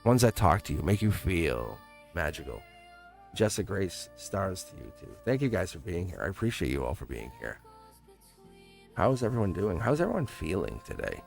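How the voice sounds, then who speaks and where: A man's voice: sits low, big pitch swings, normal speed, gravelly, faint music behind. A man hosting a live-stream tarot reading, chatty and laughing often as he answers his live chat. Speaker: tarot reader.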